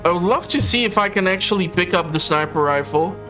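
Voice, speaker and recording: A man hosts a video game playthrough in casual, chatty commentary, often hesitating with fillers. His voice is bright and a little high. Faint game music sits underneath. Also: expressive, fast talker. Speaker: host. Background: game audio and music.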